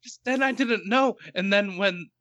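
A man's voice: high-pitched, unhurried, fairly bright tone, no room sound. A man on a casual podcast, animatedly retelling a story and acting out what people said. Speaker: podcast co-host. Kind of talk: casual book-club chat.

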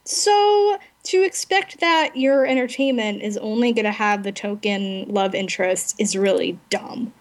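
A woman's voice: mid-range voice, unhurried, hardly any pauses. A woman co-hosting a podcast, chatting casually and ranting bluntly with frequent laughs. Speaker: podcast co-host.

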